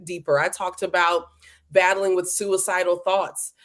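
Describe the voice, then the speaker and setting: A woman's voice: on the low side, level tone, a little slow. A woman hosting a live interview stream, chatting casually and playfully and greeting viewers by name. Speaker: livestream host. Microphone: livestream setup.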